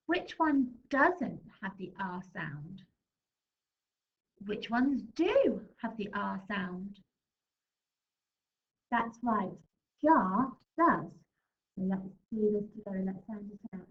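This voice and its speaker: English teacher lady doing phonics for little kids, highish voice, sing-song, a bit muffled lo-fi sound. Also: lively intonation. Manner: slow, sing-song, exaggerated sounding out of letters. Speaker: primary school teacher. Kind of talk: recorded phonics lesson for young children.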